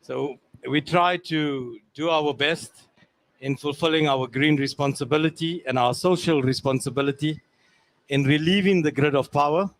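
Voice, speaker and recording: A man's voice: a little high, moderate pace, no echo. A man, the mall's landlord, giving a welcoming speech at an outdoor event with frequent restarts and fillers. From South Africa.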